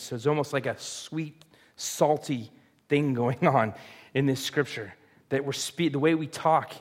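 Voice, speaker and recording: A man preaching a sermon in a conversational, joking way, full of rhetorical questions. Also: medium pitch. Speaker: pastor.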